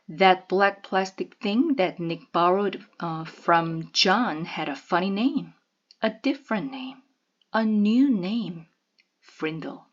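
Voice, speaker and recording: A woman reading a children's novel aloud in a measured, expressive way. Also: on the low side, muffled recording.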